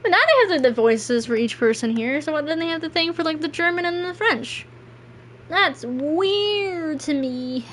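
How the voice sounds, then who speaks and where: A woman's voice: sits high, expressive, brisk, few pauses, fairly bright tone, a little hiss or hum. A woman streaming a game and chatting casually as the credits roll, rambling and self-deprecating. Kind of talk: casual gameplay stream chat.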